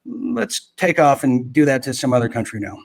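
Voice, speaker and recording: A man's voice: mid-range voice, big pitch swings, moderate pace, gravelly. A man putting on a smug, mocking voice for a scheming businessman.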